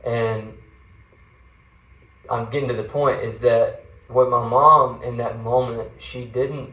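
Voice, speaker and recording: A man's voice: mid-range voice, steady tone, takes it slowly, sharp tone, far from the mic, dull audio. Earnest man telling a story in an echoey room. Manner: earnest, rambling, with many fillers and restarts. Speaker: guest mentor sharing a testimony. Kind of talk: personal storytelling in a faith podcast chat.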